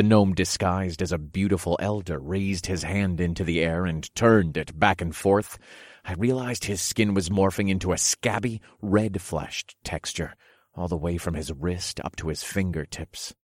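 Brief: male audiobook narrator, deep, steady, dramatic, dry booth sound. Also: unhurried, no echo. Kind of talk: first-person audiobook narration.

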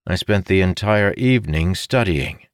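A man voicing a young male conjurer in an audiobook, defensive and earnest, a little above his own deep voice. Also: expressive, normal speed, no room sound, studio quality. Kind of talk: audiobook character voice.

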